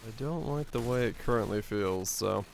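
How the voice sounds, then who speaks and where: Hoarse, creaky-voiced male streamer. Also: fairly low pitch, normal speed, a little hiss or hum. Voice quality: creaky, raspy. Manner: chatty, self-mocking. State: hoarse, losing his voice. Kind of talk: casual gameplay commentary.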